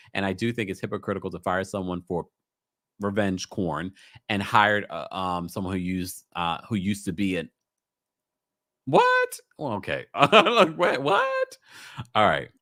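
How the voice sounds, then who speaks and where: A man with a New York accent hosts a casual call-in livestream. His voice is bright and ranges widely in pitch. He reads out viewer comments and laughs often. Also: expressive, normal speed, no echo, clean studio sound. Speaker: livestream host. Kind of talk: casual live-stream call-in chat.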